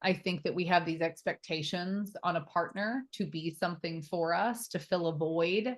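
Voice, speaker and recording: A woman in her thirties speaks as a podcast guest in a fairly low voice. She tells her own story candidly and emotionally, full of fillers and casual swearing. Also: moderate pace. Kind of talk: candid personal interview.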